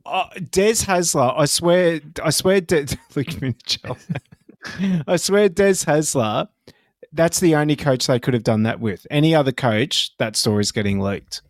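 A man's voice: on the high side, expressive, measured pace, dry recording. A man co-hosting a sports podcast, chatting casually, swearing freely and laughing as he rambles through his points. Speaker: podcast co-host.

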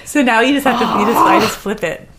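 A woman's voice: a little high, quick pace, noisy background. A woman co-hosting a podcast in casual chat, chatty and inquisitive, often restarting her sentences. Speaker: podcast co-host.

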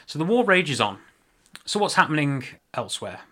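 A man's voice: on the high side, sing-song, moderate pace, pushed and bright. A man hosting a casual history podcast, talking loosely with joking asides and frequent self-corrections. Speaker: podcast host.

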